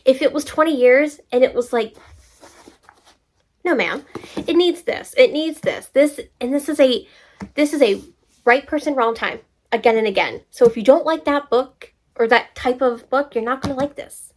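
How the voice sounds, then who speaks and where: A young woman book vlogger reading reviews aloud and talking back to them in an animated, exasperated way. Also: sits high, normal speed. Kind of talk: casual reaction vlog, reading reviews aloud.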